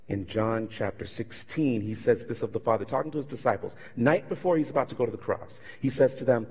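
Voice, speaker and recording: A man's voice: medium pitch, breathy edge. A man pastor preaching a sermon, telling stories animatedly and acting out the people in them. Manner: animated storytelling with voiced impressions. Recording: reverberant hall.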